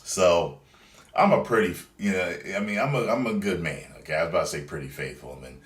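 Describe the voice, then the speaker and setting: A man's voice: low voice, animated, fairly quick. A young man vlogging, telling a story in a laid-back, profane, chatty way. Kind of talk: casual storytelling. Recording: roomy sound, distant from mic.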